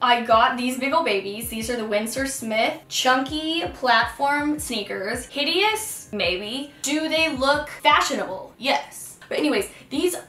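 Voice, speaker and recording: A woman's voice: high voice, animated, unhurried, hardly any pauses, bright, forceful tone. Rambling, giggly young woman, echoey room. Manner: rambling, giggly, self-deprecating. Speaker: fashion vlogger. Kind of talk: casual try-on haul chat. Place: room at home. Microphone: camera mic. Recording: echoey room with faint music.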